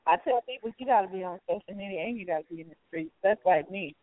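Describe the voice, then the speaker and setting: A woman's voice: mid-range voice, fast, a crowd in the background. A woman hosting a talk show, upbeat and encouraging, laughing often as she interviews a guest. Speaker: radio show host. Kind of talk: casual interview. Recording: tinny phone line.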